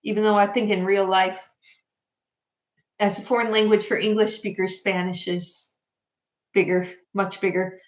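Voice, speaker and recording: A woman's voice: mid-range voice, flat delivery, moderate pace, long pauses, echoey room. A tired woman hosting a casual livestream, chatting and reading out viewer comments. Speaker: livestream host. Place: home in Japan.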